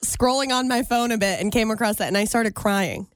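A woman's voice: fairly high pitch, a little fast, no room sound, studio quality. A woman co-hosting a casual radio show, telling stories in a bubbly, laughing, emotional way. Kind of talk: casual morning show chat.

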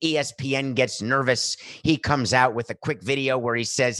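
A man's voice: mid-range voice, fairly even intonation, normal speed, hardly any pauses, fairly bright tone, dry recording, clean studio sound. A middle-aged man giving an emphatic, opinionated sports monologue, building his points through long repeated lists. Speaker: sports commentator.

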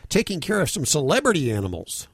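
A man's voice: fairly high pitch, wildly swooping pitch, fast talker, creaky, breathy edge, dry recording. A man hosting a pet radio show, joking easily with callers and co-hosts. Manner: jokey, easygoing, laughs with guests. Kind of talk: casual radio chat.

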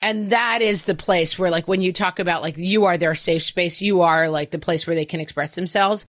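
Lively mom chatting, quoting her kids. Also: lowish voice, normal speed, dry recording, studio quality. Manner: animated, acts out quotes in funny voices. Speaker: podcast co-host. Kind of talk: casual chat.

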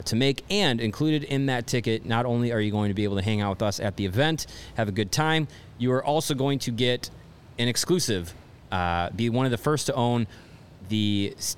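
A man co-hosting a sports podcast in casual chat, talking loosely with lots of restarts and halting phrases. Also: on the low side, slight background noise. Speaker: podcast co-host.

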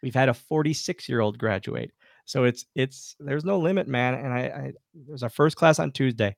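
A man, a former pro wrestler, telling backstage stories as a guest in a casual interview, lively and full of acted-out quotes. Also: medium pitch, moderate pace, creaky, dry recording, clean studio sound. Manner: animated anecdotes, acts out quoted dialogue, many restarts. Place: podcast studio.

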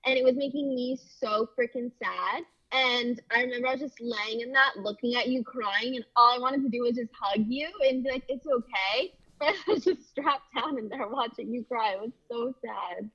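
A woman's voice: fairly high pitch, pushed and bright. Reassuring young woman, slightly dull sound. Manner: reassuring, laughs often, quick and chatty. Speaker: podcast co-host. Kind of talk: casual chat.

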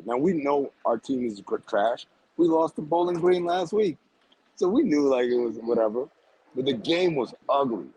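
A man on a podcast telling a story in a loud, animated way, laughing often and using lots of slang. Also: mid-range voice, slight background noise, poor audio. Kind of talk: casual chat.

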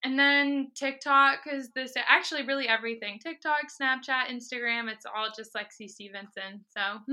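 A young adult woman talking as a podcast guest, telling her story in a lively, laughing way. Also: sits high, normal speed. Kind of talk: casual interview chat.

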